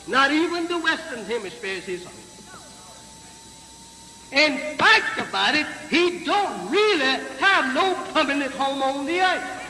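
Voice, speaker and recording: In a large, echoey hall, a religious leader preaches slowly and emphatically to a live crowd, repeatedly asking whether he is right. His extremely high voice is animated, pushed and bright, and he halts often with fillers and restarts. Soft music plays behind this noisy 1950s archive recording.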